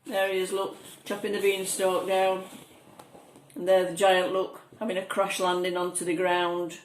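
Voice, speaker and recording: A woman reads a children's picture book aloud, gentle and coaxing as she points out the pictures. Her voice sounds echoey in the room. A faint hiss sits under it. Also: on the low side, monotone, moderate pace. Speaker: storyteller.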